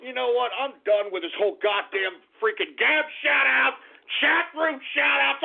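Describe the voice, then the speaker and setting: A man hosting a radio show, ranting loudly and profanely and often shouting. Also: very high-pitched, steady tone, moderate pace, creaky, slightly rough. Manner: loud, profane, frequently shouting. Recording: phone-like lo-fi radio sound.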